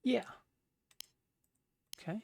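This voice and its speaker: A streamer chatting quietly and casually at night into a desk microphone. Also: extremely slow. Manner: quiet, subdued. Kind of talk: casual live-stream chat. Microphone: desk mic.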